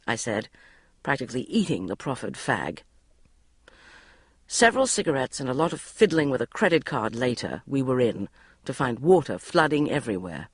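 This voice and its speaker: A woman reading a first-person diary audiobook in a wry, expressive way. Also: low voice, moderate pace, no room sound, studio quality. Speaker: audiobook narrator.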